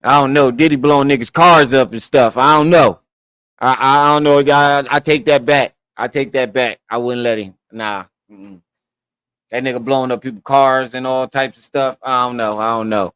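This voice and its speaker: A man's voice: medium pitch, fairly even intonation, normal speed, fairly bright tone, clear, resonant tone, no room sound, clean studio sound. A man hosting a casual reaction commentary show, joking around and cursing. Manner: joking, profane, laughing.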